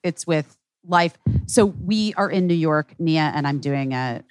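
A woman's voice: low-pitched, a little slow, a little mellow. A woman co-hosting a podcast, chatting casually and emotionally about her family and work. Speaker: podcast co-host.

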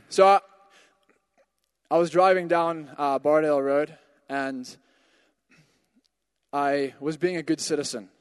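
High-voiced man preaching with a story. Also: fairly even intonation, slow pace, pauses often, clean tone, big-room sound, a faint crowd. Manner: storytelling, builds to emphatic exhortations. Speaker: pastor. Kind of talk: sermon with a personal story.

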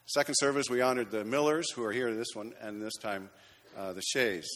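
A man's voice: medium pitch, fairly quick, a bit bright. A man, a pastor, making chatty, lightly joking announcements and honoring people in a church sanctuary. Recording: long reverb of a church hall.

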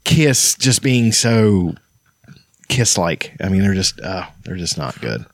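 A man co-hosting a podcast in casual, rambling chat, profane and animated as he tells stories. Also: low voice, slow, dry recording, clean studio sound. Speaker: podcast co-host.

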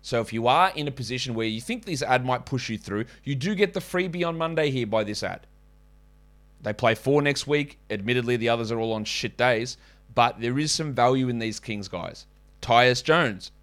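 Chatty man, lively podcast host. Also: medium pitch. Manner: chatty, quick asides and self-corrections. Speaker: fantasy basketball podcast host. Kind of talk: casual podcast talk with ad reads.

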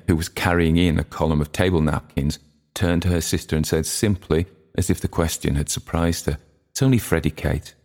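Deep, gravelly male narrator. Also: darkish tone. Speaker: audiobook narrator. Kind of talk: literary narration.

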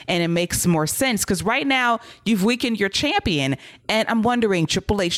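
A man co-hosting a casual wrestling talk show. He sounds direct and critical, in a steady way. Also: a little high. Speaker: wrestling podcast co-host. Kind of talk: casual commentary chat.

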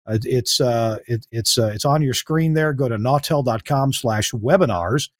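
A man hosting a talk show, speaking haltingly with frequent fillers and restarts and laughing often. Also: medium pitch, dry recording, clean studio sound. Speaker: host.

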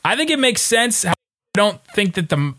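Bright-voiced man hosting a sports podcast. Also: high voice. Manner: joking, relaxed, quick asides. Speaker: podcast host. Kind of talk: casual sports podcast chat.

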